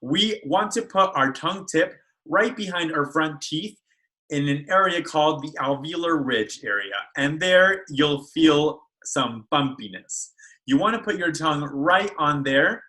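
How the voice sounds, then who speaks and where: A man's voice: on the high side, expressive, measured pace, pushed and bright, rough recording. A man speech therapist teaching children how to make speech sounds in a video lesson, carefully modeling each sound. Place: school.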